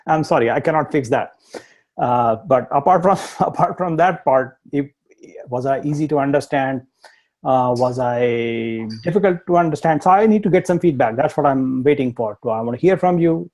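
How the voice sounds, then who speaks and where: A man's voice: mid-range voice, moderate pace, a little mellow. A man with an Indian accent teaching a live online tech lesson, explaining step by step, repeating points and laughing at himself. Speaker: instructor.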